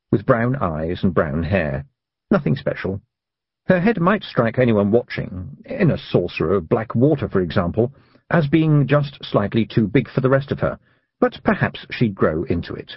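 A man narrating an audiobook for young readers in a lively, expressive reading style. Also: medium pitch, unhurried, breathy edge, no echo, lo-fi sound. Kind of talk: scripted storybook narration.

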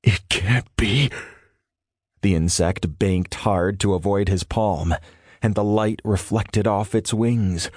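A man narrating a thriller audiobook in a measured, suspenseful storytelling manner. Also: lowish voice, fairly even intonation, mellow, no echo, studio quality.

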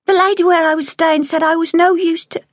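A woman's voice: very high voice, level tone, brisk, no room sound, studio quality, voice pushed up. A woman voicing a shy, tearful little evacuee girl who speaks in a small, hesitant voice. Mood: timid.

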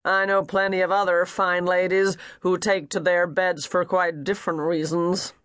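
A man voicing a gruff, blunt, wealthy older father with a growling voice. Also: high voice, level tone, normal speed, a bit bright, no room sound, studio quality.

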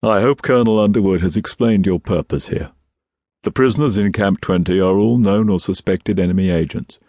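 A man's voice: low-pitched, a little mellow, no echo. A male narrator voicing a stern, sneering army colonel who interrogates curtly. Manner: curt, interrogating.

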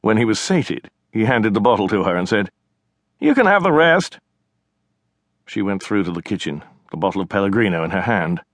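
Male narrator, lower voice, bone-dry studio read, measured scripted storytelling. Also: fairly even intonation, no echo. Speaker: audiobook narrator.

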